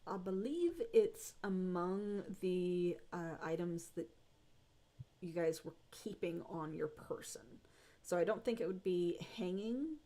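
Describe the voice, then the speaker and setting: Woman, game master, low voice, descriptive narration, fillers. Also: expressive, mellow. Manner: descriptive, unhurried with frequent fillers.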